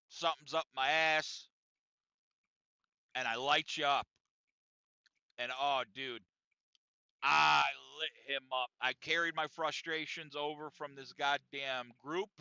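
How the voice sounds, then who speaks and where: Blunt, profane man with a bright edge. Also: fairly high pitch, smooth, dry recording. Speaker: podcast host. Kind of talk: casual monologue podcast. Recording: dry, dull lo-fi sound.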